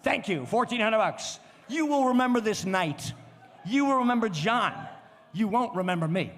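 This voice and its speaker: A man with a very high voice calls out bids at a charity gala, rattling off numbers and joking with the bidders. His voice carries a long reverb through the event space, with faint noise behind it. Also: lively intonation, moderate pace, a bit bright. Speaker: charity auctioneer. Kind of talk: live auction calling. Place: gala event venue, indoors.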